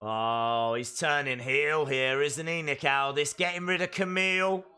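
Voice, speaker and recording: A man hosting a live wrestling watch-along, calling the action and breaking into excited shouts. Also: fairly high pitch, measured pace, clear, resonant tone. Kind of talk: live wrestling reaction commentary.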